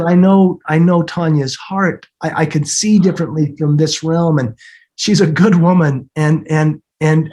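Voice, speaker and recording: A man in his fifties, a podcast guest, telling an emotional personal story in an earnest way, often repeating words and laughing softly. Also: fairly high pitch. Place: home, snowing outside.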